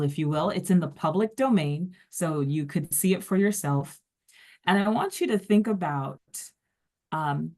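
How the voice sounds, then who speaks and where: A woman with a somewhat low voice leads a workplace workshop. Her tone is conversational, and she keeps putting questions to the participants. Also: darkish tone. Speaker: workshop facilitator. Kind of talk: workshop lecture.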